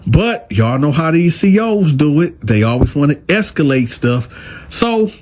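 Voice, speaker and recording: A man tells a story straight to his viewers in a casual, animated way. His voice sits on the high side for a man. He acts out the people in his story as he goes. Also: unhurried. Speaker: storyteller, channel host.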